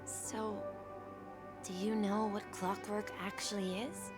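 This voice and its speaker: A woman voicing a gentle, wise young boy in a video game, speaking softly and reassuringly. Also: mid-range voice, flat delivery, slow pace, natural voice. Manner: soft, reassuring, encouraging. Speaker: game character. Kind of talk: game voice acting. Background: music.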